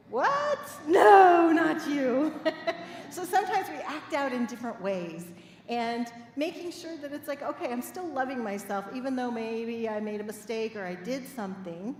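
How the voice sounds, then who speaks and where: Lively woman minister in an echoey hall. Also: on the high side. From Midwest United States. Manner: lively, playful storyteller who laughs with the congregation. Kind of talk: sermon with personal storytelling. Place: church sanctuary. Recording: echoey hall with faint room noise.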